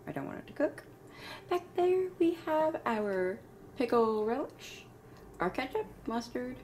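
A woman's voice: mid-range voice, vocal fry, darkish tone, a little hiss or hum, rough recording. A woman hosting a home cooking video, chatting casually and poking fun at herself while she cooks at the stove. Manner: chatty, self-mocking, laughs often.

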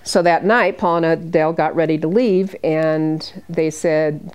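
A woman's voice: on the low side, fairly even intonation, normal speed, few pauses, clear, resonant tone. Older woman telling nurse stories. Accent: American. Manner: warm anecdotal storytelling with quoted dialogue. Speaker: hospice nurse. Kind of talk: storytelling presentation.

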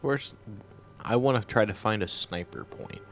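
A man's voice: fairly low pitch, very animated, moderate pace, gravelly, fairly bright tone, soft background music. A man playing a tabletop game, chatting playfully and laughing often. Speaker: player. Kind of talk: casual tabletop play.

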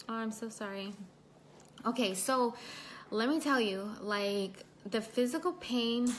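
A woman's voice: mid-range voice, a little hiss or hum. A young woman chatting casually on a livestream, reading out and answering viewer comments between bits of her story, laughing often.

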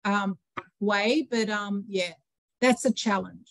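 A woman's voice: medium pitch, slow pace, creaky, no room sound. A woman in a Bible study group, earnestly recounting a personal experience. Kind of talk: casual group discussion.

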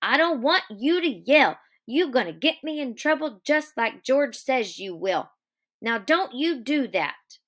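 A woman reading aloud gives voice to a big, simple-minded farmhand with a childlike earnestness. He speaks in a higher, louder register than her usual voice and pleads like an anxious child. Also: very animated, takes it slowly, heavily acted. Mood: pleading.

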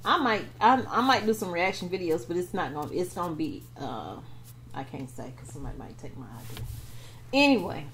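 A woman's voice: fairly low pitch, brisk, fairly bright tone, slight background noise. A woman hosting her own mukbang vlog, talking loosely and playfully. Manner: loose, playful, chatty with slang. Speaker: vlog host. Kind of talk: casual mukbang chat.

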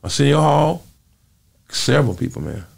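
A man being interviewed, telling lively stories and acting out the voices. His voice is gravelly and raspy, sitting a little high. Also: moderate pace. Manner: animated, acts out voices. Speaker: interview guest. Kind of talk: casual storytelling.

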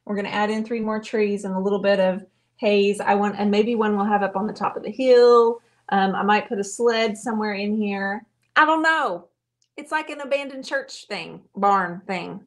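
A woman in her forties runs a live painting show, chatting and telling stories while she paints and laughing often. Her voice is medium in pitch and her pace moderate.

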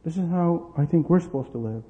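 A middle-aged pastor with a slightly high voice speaks fairly quickly, preaching through family stories and acting out the dialogue with energy and laughter. The recording sounds tinny and lo-fi, with long hall reverb.

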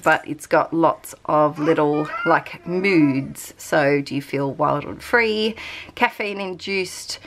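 Lower-voiced Australian woman, rambly chat. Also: a bit bright. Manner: rambly, chatty. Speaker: craft vlogger. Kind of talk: casual chat. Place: at home.

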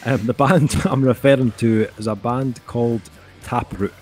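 A man's voice: medium pitch, fairly even intonation, normal speed, a little mellow. A middle-aged man co-hosting an album review, talking casually and rambling with lots of fillers. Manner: rambling, heavy on fillers like "um" and "kinda".

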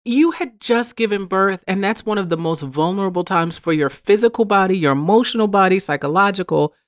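A woman's voice: mid-range voice, brisk. A woman co-hosting a podcast, chatting casually and reacting bluntly and indignantly. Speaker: podcast co-host.

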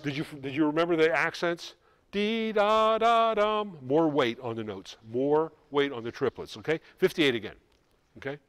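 A middle-aged man coaching a school band in rehearsal, brisk and joking, calling out counts and singing rhythms. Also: mid-range voice, no room sound, soft background music. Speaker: band clinician.

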